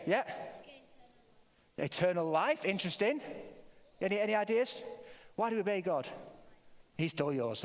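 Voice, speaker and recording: Older male preacher, playful with kids, bright high animated voice, echoing church hall. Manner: playful, quizzes the children, many restarts. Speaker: preacher leading a family service. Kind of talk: all-age church talk with a toy dog. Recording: long hall reverb.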